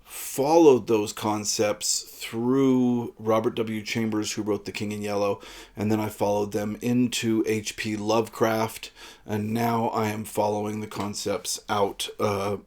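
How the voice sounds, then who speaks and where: A man with a somewhat low voice talks through a book in a relaxed, rambling way. He often stops on "uh" as he goes. He sounds like a book reviewer chatting casually to a camera. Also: a little slow. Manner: relaxed, rambling with frequent uhs.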